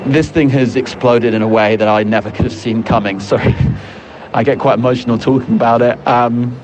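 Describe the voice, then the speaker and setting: A man's voice: mid-range voice, steady tone, moderate pace, noisy background. A man co-hosting a comedy podcast, talking in an earnest, rambling way. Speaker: podcast co-host.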